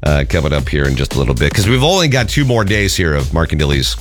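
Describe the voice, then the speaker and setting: A man's voice: a bass voice, sing-song, quick pace, over music. A man co-hosting a radio morning show, chatting casually and reading a listener's email aloud with plenty of emphasis.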